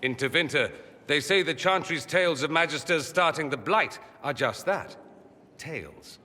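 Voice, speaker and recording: An actor voices a witty, sardonic male mage in a video game, his voice a little high, expressive, and sharp, echoing in a large hall. He sounds wry and quick-witted, teasing, with dramatic swings in tone.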